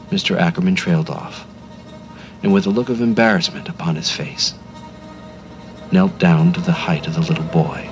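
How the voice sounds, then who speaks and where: A man narrating a radio story in a measured, expressive manner. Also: low voice, faint music behind. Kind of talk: scripted narration.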